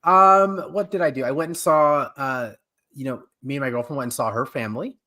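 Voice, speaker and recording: A man's voice: mid-range voice, fairly quick, bright, forceful tone. A man hosting a live pop-culture stream, chatting casually with fillers and frequent laughs. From California. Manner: jokey, laughing, rambling with fillers. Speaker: podcast host. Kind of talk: casual chat.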